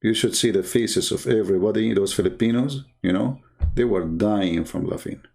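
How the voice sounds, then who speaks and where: A man's voice: on the low side, normal speed, creaky. Combative, mocking man ranting. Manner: mocking and combative, rises to loud indignant outbursts. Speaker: religion critic answering viewers. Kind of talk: polemical monologue.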